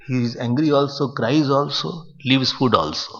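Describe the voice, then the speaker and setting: A man, a swami giving a spiritual discourse in an animated manner. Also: medium pitch, moderate pace. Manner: animated, acts out quoted scoldings, chuckles at his own jokes. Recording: muffled recording in a reverberant hall.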